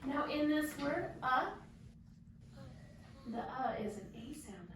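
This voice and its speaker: A woman teaching kindergarten children, speaking in a drawn-out, sing-song way and giving bright praise. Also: high-pitched, expressive. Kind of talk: classroom teaching to young children. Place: classroom with children. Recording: very echoey classroom, mic far off, faint hiss.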